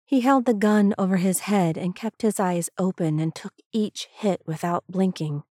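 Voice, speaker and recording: A woman reading a story aloud as scripted narration, slow and even. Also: medium pitch, no room sound, studio quality. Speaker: reader.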